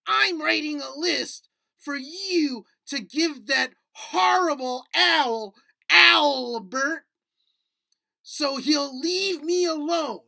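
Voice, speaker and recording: A man's voice: very high-pitched, extremely slow, creaky, sharp tone, pitched above the performer's own voice, exaggerated voice. A man voicing a small, fretful male puppet creature who holds a grudge, talking in a whiny, indignant sing-song. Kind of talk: puppet skit in a lesson.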